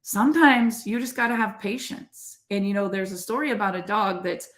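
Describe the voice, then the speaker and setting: A woman's voice: medium pitch, moderate pace, echoey room. A middle-aged woman co-hosting a podcast, giving an earnest, conversational motivational faith talk to her listeners. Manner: earnest, conversational, addresses listeners as "you guys". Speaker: podcast co-host.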